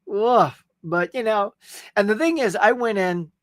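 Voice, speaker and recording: Casually hosting a live stream, a middle-aged man with a Southern US accent chats, reads comments, laughs often, and greets people by name. He speaks a little slowly in an expressive, high-sitting voice, recorded dry at studio quality.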